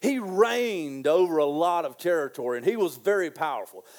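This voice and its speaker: A man preaching a sermon in an animated, excitable way, repeating phrases and stretching key lines out slowly. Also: on the high side.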